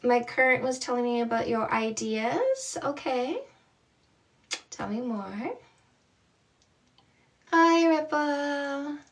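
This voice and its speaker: A woman's voice: high-pitched, slow pace, long pauses, recorded from a distance. A woman from Canada, a dating coach, chatting casually and bubbly with viewers on a livestream, often laughing.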